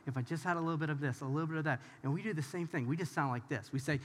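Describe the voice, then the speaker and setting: Male pastor, higher-pitched voice, informal and emphatic sermon, long hall reverb. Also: racing, few pauses, slightly rough. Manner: talks straight to the audience, informal and emphatic. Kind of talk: conversational sermon.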